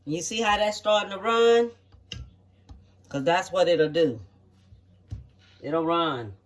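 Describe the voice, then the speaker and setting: This cooking demonstration features a medium-pitched voice speaking slowly, recorded from a distance. A home cook in their kitchen walks viewers through the recipe, folksy and chatty, pausing often to ask "okay?"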